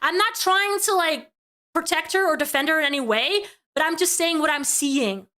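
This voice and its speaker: A woman streamer giving live reaction commentary, animated and quick to repeat herself when she gets worked up. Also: sits high.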